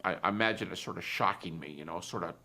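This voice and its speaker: A man with a somewhat low voice gives a personal testimony. He talks in a reflective, soft-spoken way and often sinks almost to a hush. He retells his conversations as dialogue. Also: fast. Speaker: Christian philosopher giving a talk.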